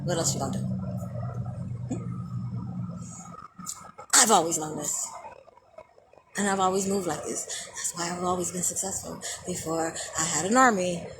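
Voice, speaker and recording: A woman delivering an angry, profane monologue, swinging between loud outbursts and hushed muttering. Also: fairly low pitch, moderate pace, long pauses. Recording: noisy background hum.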